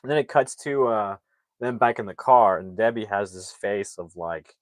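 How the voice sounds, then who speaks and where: Man, low-pitched, dry close sound, retells a film scene by scene with constant fillers, casual vlog delivery. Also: moderate pace, no echo. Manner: rambling, filler-heavy, acts out quotes. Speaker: movie reviewer.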